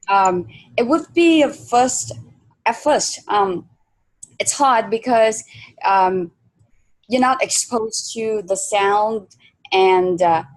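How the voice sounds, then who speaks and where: Woman hosting an interview. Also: medium pitch. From Vietnam. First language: Vietnamese. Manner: thoughtful, uses many fillers. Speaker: host. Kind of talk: interview conversation.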